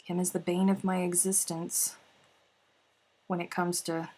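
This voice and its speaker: A woman's voice: on the low side, flat delivery, measured pace, warm tone, husky. A woman hosting a casual craft livestream, chatting and reading out viewer comments with sighs and laughs. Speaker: livestream host. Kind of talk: casual chat while crafting.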